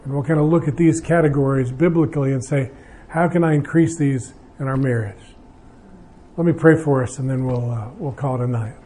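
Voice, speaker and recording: With a mellow, mid-range voice and a brisk pace, an older pastor addresses an audience at an evening marriage talk. He keeps it conversational and pokes fun at himself, restarting often.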